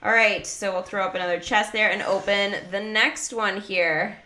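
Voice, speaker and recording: Bright-voiced woman gaming streamer. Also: medium pitch, fairly even intonation, moderate pace. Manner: chatty, talks to chat and viewers. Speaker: gaming livestreamer. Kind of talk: casual livestream commentary.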